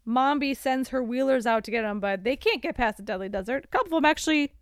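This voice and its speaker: A woman podcast co-host recaps a movie with lively, bouncing energy and frequent laughs. Her voice sits high and leaps up and down. The sound is close and dry. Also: fast, no room sound. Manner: animated storyteller, laughs often. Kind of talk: casual chat recapping a movie.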